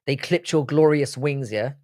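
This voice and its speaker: A man from England with a London accent hosts a live stream, chatting casually and bantering with viewers in a profane, joking manner. His voice is mid-range with a darkish tone, and he talks at a normal speed.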